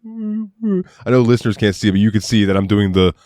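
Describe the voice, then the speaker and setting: A man co-hosting a loose film podcast, animated and quick to laugh, with plenty of swearing. His voice is low. The sound is dry and close. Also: no echo. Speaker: podcast co-host. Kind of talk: casual chat about a film.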